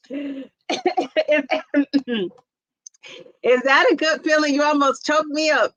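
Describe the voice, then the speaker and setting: A middle-aged woman hosts a casual livestream and chats through viewer comments with frequent laughs. Her voice is fairly high and bright. The sound is close and dry. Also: fairly even intonation, drawn-out words, long pauses, no echo, poor audio. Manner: chatty, laughs often, exclaims "Jeez Louise". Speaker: livestream host.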